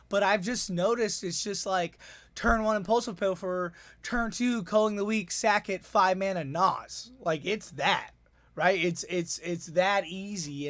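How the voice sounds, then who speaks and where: A man with a slightly raised speaking voice chats through a casual breakdown of his tournament games. He's excitable and rambling, tossing in quick asides. The sound is close and dry, with no room echo. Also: high voice. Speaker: tournament organizer and player.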